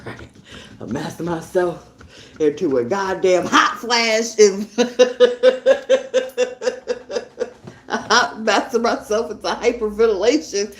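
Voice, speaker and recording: A woman hosting a podcast, telling stories in a loose, slangy, laughing way that swings between loud and quiet. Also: mid-range voice. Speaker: podcast host. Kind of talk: casual storytelling monologue. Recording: echoey room with faint ambience.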